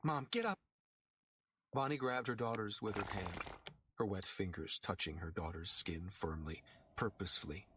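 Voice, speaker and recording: A man narrating a story in a measured, dramatic audiobook reading. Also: low-pitched, steady tone, fairly bright tone, a little hiss or hum.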